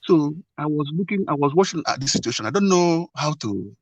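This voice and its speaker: Earnest man, fairly high voice. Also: expressive, no echo, low-quality recording. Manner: earnest, halting, with many restarts and repeats. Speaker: guest sharing a marriage problem. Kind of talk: telling a personal story.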